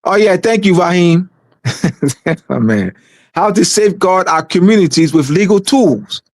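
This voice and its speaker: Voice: measured pace, no echo, studio quality. Emphatic, repetitive community organizer. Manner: emphatic and repetitive, stumbles and restarts; shifts between low, calm delivery and raised, shouting emphasis. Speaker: community organizer hosting a meeting. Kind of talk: unscripted livestream talk.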